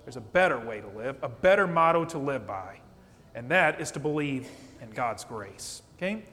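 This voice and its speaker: A man preaching a sermon as pastor, animated and conversational, often checking in with "okay?". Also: medium pitch, moderate pace. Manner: animated preaching, acts out quotes, asks "okay?". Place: church sanctuary. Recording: long church reverb.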